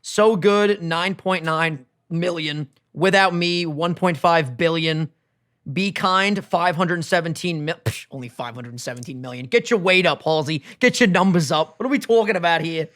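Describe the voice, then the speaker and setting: A man co-hosting a podcast, in a casual chat, animated and jokey with hyped banter. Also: high-pitched, measured pace, smooth. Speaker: podcast co-host.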